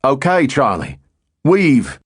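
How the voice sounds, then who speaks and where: A man doing a crisp North London squadron leader. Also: medium pitch, huge pitch swings, takes it slowly, full character voice. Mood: brisk radio calls. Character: male RAF squadron leader, British, calm.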